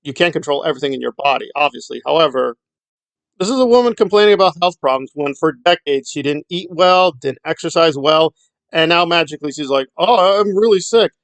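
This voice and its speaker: A man's voice: on the high side, fairly quick, gravelly, a bit bright, dry recording. A middle-aged man giving blunt, sarcastic commentary in a rambling vlog. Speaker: YouTube commentator.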